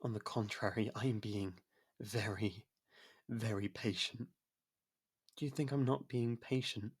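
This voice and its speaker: A man voicing an obsessive, devoted android in a whispered role-play, speaking in a slow, calm, pleading and possessive way with a breathy voice. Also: lowish voice. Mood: patiently insistent. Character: obsessive, devoted android, soft-spoken and insistent.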